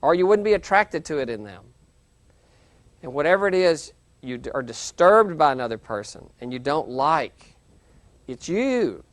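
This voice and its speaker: A man lecturing a university class in a conversational, animated way, acting out quoted reactions. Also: fairly high pitch, normal speed, no room sound. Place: lecture hall, televised class.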